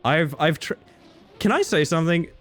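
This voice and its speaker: An Australian man streams a game and chats casually, swearing and chanting silly words as he plays. His voice sits on the high side, animated, at a normal speed.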